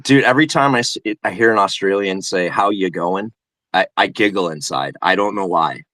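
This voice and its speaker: Low-voiced man, dry close sound. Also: brisk, fairly bright tone, no echo. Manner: rambling, laughs often. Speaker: guest co-host. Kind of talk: casual live-stream chat.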